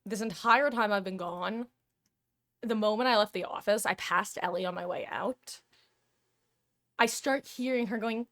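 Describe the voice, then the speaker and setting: A woman's voice: mid-range voice, normal speed, a bit bright. A woman streamer chatting casually to her viewers through a headset, rambling through stories. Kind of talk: casual live-stream chat.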